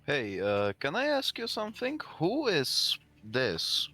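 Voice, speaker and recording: A man's voice: on the high side, wildly swooping pitch, takes it slowly, bright, forceful tone. A man playing a tabletop game, talking casually and hesitantly, his voice rising on questions. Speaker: player. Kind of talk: tabletop role-play.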